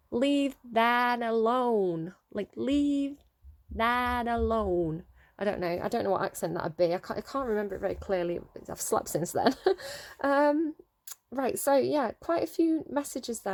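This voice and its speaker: A woman's voice: medium pitch, darkish tone. A woman giving a casual intuitive tarot reading, rambling and tentative as she thinks aloud. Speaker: tarot reader.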